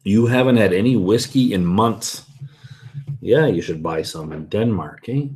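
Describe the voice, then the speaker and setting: Unhurried man with a lowish voice, casual whisky vlogger who rambles and corrects himself. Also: animated, a little mellow. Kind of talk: casual chat reading viewer comments.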